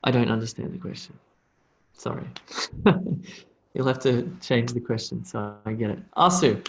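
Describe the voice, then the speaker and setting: A man teaching a live online English lesson, reading out student questions and demonstrating sounds slowly and repeatedly in a relaxed, chatty way. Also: medium pitch, lo-fi sound.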